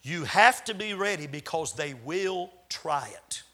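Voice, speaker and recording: A man preaching a sermon as a visiting preacher, swinging between loud appeals and hushed asides. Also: a little high, animated, unhurried. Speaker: traveling preacher.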